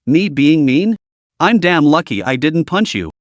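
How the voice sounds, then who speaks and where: A man voicing a hot-tempered young man from a storybook, blunt and demanding. His pitch sits a little high and swings widely, and the sound is close and dry. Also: sing-song, unhurried, no room sound. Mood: angry.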